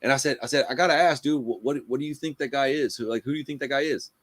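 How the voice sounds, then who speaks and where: A man, hosting a casual chat and telling a rough story in a profane, animated way, full of "bro" and "dude.". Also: medium pitch, very fast. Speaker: podcast host.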